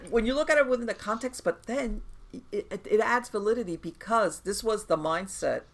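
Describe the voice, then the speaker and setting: A podcast host who talks about the paranormal with an emphatic, explanatory manner, stopping to restart and checking that the guest is following. The voice sits at a middle pitch, and the talk is a casual conversation. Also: brisk.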